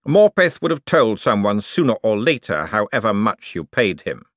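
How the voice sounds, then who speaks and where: A man voicing a calm, kindly menacing schemer. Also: on the low side, moderate pace, dry recording, studio quality. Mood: smoothly kind. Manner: soft, smooth and condescending. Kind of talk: audiobook character voice.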